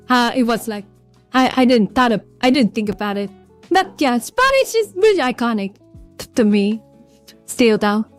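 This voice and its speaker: A woman with a Vietnamese accent chatting casually on a livestream, rambling and greeting viewers from chat by name. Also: sits high. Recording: faint background music.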